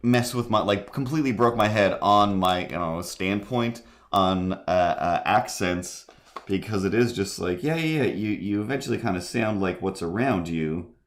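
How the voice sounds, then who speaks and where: A man's voice: low-pitched, moderate pace. A man chatting casually while drawing on a live stream, rambling and self-deprecating. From near Cape Breton, Canada.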